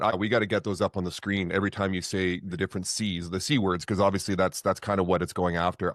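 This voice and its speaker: A man's voice: low-pitched, no room sound, clean studio sound. A man hosting a podcast in a conversational interview, talking hesitantly with many restarts. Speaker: podcast host.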